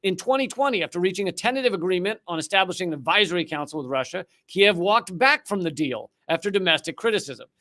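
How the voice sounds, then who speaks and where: A sardonic male host alternates between reading a document aloud and cracking wry asides. His voice sits high for a man and rings bright and forceful. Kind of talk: political comedy commentary.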